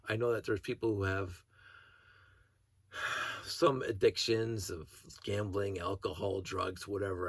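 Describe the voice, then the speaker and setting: A man with a low, gravelly voice tells a story in a loose, rambling monologue, often restarting his sentences and slipping in short laughs. His tone is husky. The sound is dry and close, with no room echo. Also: fairly bright tone. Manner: rambling, self-interrupting storyteller who laughs between thoughts. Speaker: hobby vlogger.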